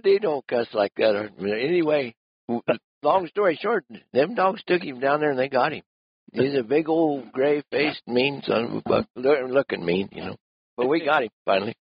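A man's voice: fairly high pitch, breathy edge, no room sound. A man telling a rambling ranch story about hunting, in a folksy rural way with frequent laughs. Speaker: rancher and lion hunter. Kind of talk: casual storytelling. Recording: dull lo-fi sound.

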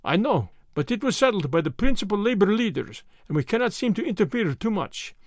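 Man voicing a clear, formal German agent. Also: high-pitched, very animated, fairly quick, no echo, studio quality, voice pushed up. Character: clear-voiced German male agent, businesslike.

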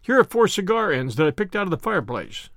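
A man's voice: sits high, very animated, fast talker, a bit bright, no echo, clean studio sound, heavily acted. A man voicing a hearty, self-assured police inspector with a matter-of-fact manner.

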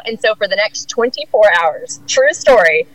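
A woman in casual conversation, rambling through a story with constant "like" fillers and easy swearing. Her pitch sits mid-range for a woman and leaps up when she mimics others. The sound is dry and close, with no room echo. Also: normal speed. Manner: animated, jumps high in pitch when quoting others. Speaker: guest telling a story. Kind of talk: casual chat.

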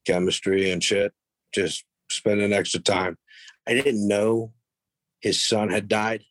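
Taking his time in a lowish voice, a middle-aged man on a podcast tells profane, plainspoken stories about his past. Quoting others makes him animated, and the recording is dry.

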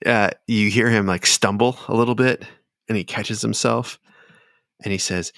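A man running a tabletop game as game master, narrating in a low, gravelly voice. He pauses often and fills the gaps with fillers. The recording is dry and close. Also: steady tone, a bit bright, dry recording. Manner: halting, filler-heavy narration.

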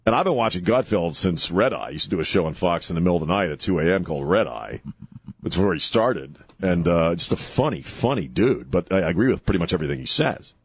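A man's voice: low voice, sing-song, fast talker, vocal fry, slightly rough, no room sound. A man hosting a talk radio show, blunt and brash, laughing often between opinions. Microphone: studio mic.

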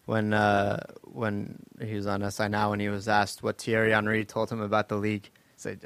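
A man with a fairly low voice hosts a relaxed panel chat. He tells stories loosely, with fillers and laughter. The sound is dry and close to the mic. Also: normal speed, clean tone, no echo. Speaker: podcast host.

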